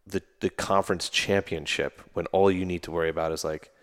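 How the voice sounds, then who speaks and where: Deep-voiced man telling war stories. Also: little pitch movement, brisk. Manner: loose and rambling, many fillers and restarts. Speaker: podcast guest, army veteran. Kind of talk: casual conversational storytelling.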